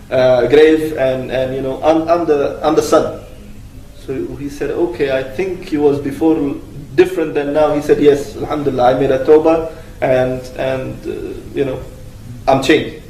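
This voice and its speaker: A man earnestly retelling a religious cautionary story in a halting, searching way. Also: fairly high pitch, mellow, a little hiss or hum. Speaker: religious speaker. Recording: echoey room, distant mic.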